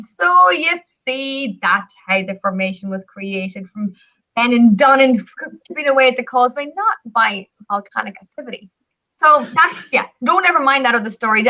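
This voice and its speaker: A Northern Irish woman chats with enthusiasm on a radio travel show and spins folk stories. Her voice sits high and bright. The recording is dull and lo-fi. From Northern Ireland. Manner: lively, chatty, enthusiastic. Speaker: travel company guest. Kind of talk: radio talk show storytelling and pitch.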